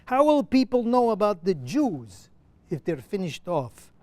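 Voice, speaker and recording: A man's voice: high voice, big pitch swings, a little slow, a little mellow, no room sound, studio quality. A man in his seventies voicing an earnest, driven male legal crusader in exile, declaiming a stage monologue with passion. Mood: impassioned. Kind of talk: reading a play monologue aloud.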